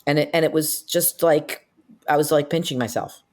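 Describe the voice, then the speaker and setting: Animated older woman, lower voice. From upstate New York. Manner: animated storyteller, rapid asides and fillers. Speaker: guest, comedic actress. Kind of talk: casual interview chat.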